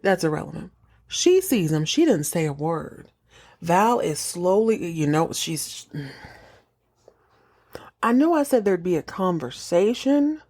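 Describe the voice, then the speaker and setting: A woman hosting a podcast, recapping a TV episode in casual chat, jokey and animated, acting out the characters' lines. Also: lowish voice, slow, pauses often.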